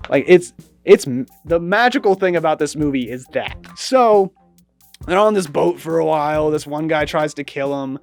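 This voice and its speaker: A woman chatting sarcastically as a movie reviewer, animated and mocking, with light music behind. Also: low-pitched, moderate pace. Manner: sarcastic, animated, mimics lines in exaggerated voices. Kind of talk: casual review chat.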